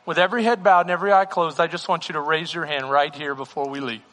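A man's voice: fairly high pitch, fairly even intonation, fast, a bit bright. A male pastor preaching a sermon with a passionate, repetitive cadence in a church hall. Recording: reverberant hall with music.

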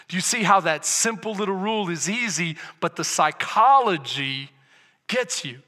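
Male pastor preaching, high sharp voice, big echoey church hall. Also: lively intonation, measured pace. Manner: builds from quiet talk to shouted preaching. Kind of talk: sermon. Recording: echoey hall with long reverb.

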